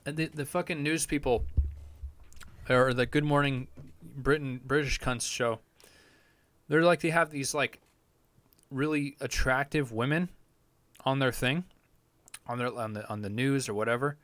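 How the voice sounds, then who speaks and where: A man's voice: medium pitch, steady tone, measured pace, long pauses, a bit bright, dry recording. A man with a mid-range voice rambles through a crude, self-amused podcast rant, swearing freely. The sound is close and dry, with no room on it. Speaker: podcast host. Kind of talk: casual crude comedic rant.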